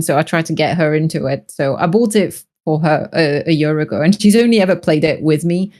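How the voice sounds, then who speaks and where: Female podcast guest, lower voice, halting and giggly. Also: darkish tone. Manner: hesitant, many fillers, giggly. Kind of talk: casual podcast chat.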